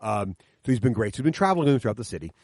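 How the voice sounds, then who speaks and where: A middle-aged man with a lowish, slightly mellow voice speaks in a rapid-fire, sing-song way as a podcast guest at a coffee shop sit-down. He enthusiastically tells stories from his kids' tabletop games, explaining the rules step by step. The recording is dry, with clean studio sound.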